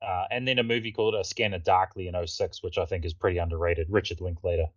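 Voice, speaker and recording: A man's voice: sits low, fairly even intonation, fast, no room sound, muffled recording. A man chatting casually about films, swearing and laughing often. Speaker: podcast co-host. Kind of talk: casual chat.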